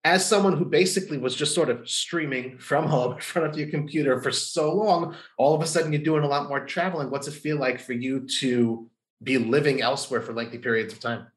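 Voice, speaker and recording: Man, podcast host, chatty, lots of fillers, mid pitch. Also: fairly quick. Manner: chatty, many "um" and "you know". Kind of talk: casual interview chat.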